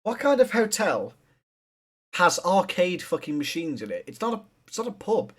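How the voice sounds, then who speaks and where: A man's voice: sits high, sing-song, moderate pace, a bit bright. A man hosting a reaction video, talking bluntly and swearing often as he critiques what he watches. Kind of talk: casual reaction commentary.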